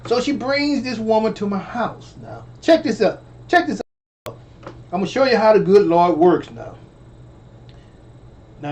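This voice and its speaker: A man's voice: high-pitched, a little mellow, muffled recording. A man telling a personal story in a casual way, stammering, repeating phrases and calling out to his listeners. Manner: stammering, repetitive, addresses audience directly. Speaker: storyteller vlogger.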